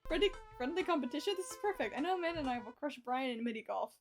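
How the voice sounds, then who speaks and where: A young woman streaming a dating game, reading the dialogue aloud, animated, laughing often and swearing at misses. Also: high voice, very fast, soft background music.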